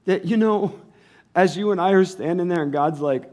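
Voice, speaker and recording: Pastor guy, voice on the high side, preaching, jumps from quiet mumbles to loud bursts. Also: moderate pace. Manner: storytelling, acts out the people in the passage. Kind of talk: sermon.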